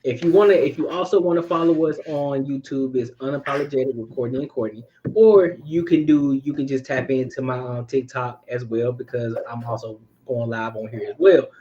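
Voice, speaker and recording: Friendly young male co-host, relaxed, repetitive sign-offs, mid pitch. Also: fairly quick, hardly any pauses, muffled recording, slight background noise. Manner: easygoing, friendly, repeats phrases. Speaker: podcast co-host. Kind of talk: casual chat.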